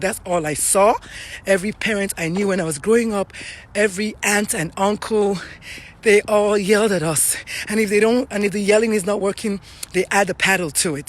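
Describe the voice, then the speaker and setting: A middle-aged Nigerian woman hosting a casual live stream, talking earnestly and chattily to viewers while out of breath from walking uphill outdoors. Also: mid-range voice.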